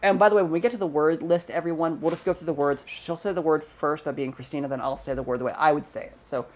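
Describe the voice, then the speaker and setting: A man's voice: on the high side, fairly even intonation, fast talker, highs cut off, a little hiss or hum. A man co-hosting a podcast in casual, jokey chat, laughing often. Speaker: podcast co-host.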